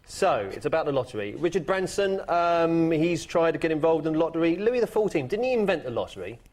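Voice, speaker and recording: A man's voice: fairly high pitch, lively intonation, a little fast. A man on a panel show, improvising absurd, rambling comic stories. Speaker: team captain on a panel show. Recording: loud TV studio audience and noise.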